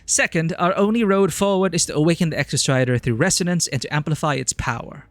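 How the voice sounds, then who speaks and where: A man's voice: fairly high pitch, quick pace, no echo, faint music behind, lightly acted. A man voicing a formal official who presents a giant mech program, reading in a put-on generic British accent with stiff, declamatory delivery. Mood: declaring.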